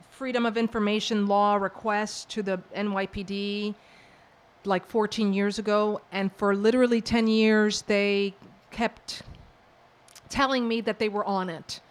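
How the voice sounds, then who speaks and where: A woman from the Bronx, an author and professor, answering audience questions with lively, acted-out storytelling. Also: medium pitch, smooth. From New York, the Bronx. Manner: animated storyteller who acts out quoted exchanges. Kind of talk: book talk Q&A, storytelling.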